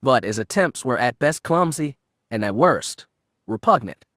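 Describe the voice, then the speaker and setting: A man's voice: medium pitch, animated, a little slow, a bit bright, no room sound. Man narrating an audiobook, dry sound. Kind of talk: scripted narration.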